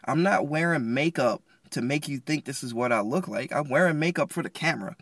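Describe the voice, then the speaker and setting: A man voicing an exasperated, defensive biblical hero who talks back in a loud, raised, slangy voice. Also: expressive, fairly quick, no echo. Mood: defiant. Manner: indignant, slangy, loud and high.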